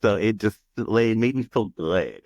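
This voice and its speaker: A man co-hosting a casual podcast recap, speaking in a calm, measured way. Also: lowish voice, dry recording. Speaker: podcast co-host.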